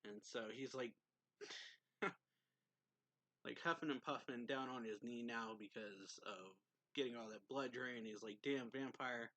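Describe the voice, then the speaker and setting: A man's voice: medium pitch, steady tone, normal speed, sharp tone. A man giving a casual, rambling recap of a manga chapter as a reviewer. He fills his talk with "like" and reads quoted lines aloud along the way.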